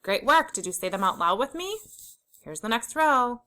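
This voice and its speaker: A young adult woman teaching a phonics lesson to young children, sounding out letters slowly and clearly with encouraging praise. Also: fairly high pitch, big pitch swings, bright, forceful tone, rough recording.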